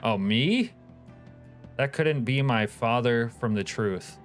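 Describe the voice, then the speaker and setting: A man's voice: medium pitch, slow pace, faint music behind. A man live-streaming a game, chatting casually, reading viewer comments aloud and swearing offhand. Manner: laid-back, profane, reads chat aloud.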